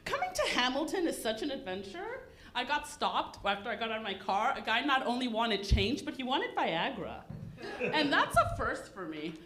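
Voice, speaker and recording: A woman's voice: sits high, a bit bright. A woman doing a self-deprecating stand-up comedy set, laughing through her lines. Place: comedy club stage.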